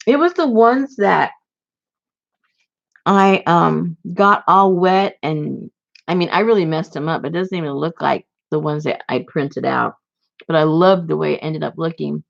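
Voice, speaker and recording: A woman's voice: low voice, a little slow, gravelly. A woman hosting a casual crafting chat for her viewers, rambling and chatty with lots of fillers and restarts. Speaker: crafting channel host. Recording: dull lo-fi sound.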